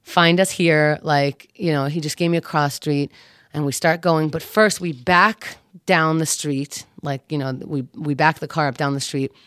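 A woman's voice: low voice, moderate pace, dry recording, studio quality. A woman telling a wild night-out story in casual chat, swearing freely and acting out what people said. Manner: animated, profane, acts out quotes.

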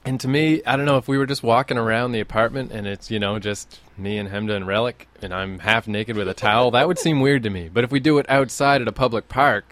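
A man's voice: mid-range voice, fairly even intonation, fast, few pauses, fairly bright tone. A man guest on a talk show, laid-back and profane, jokingly defending himself. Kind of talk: casual storytelling.

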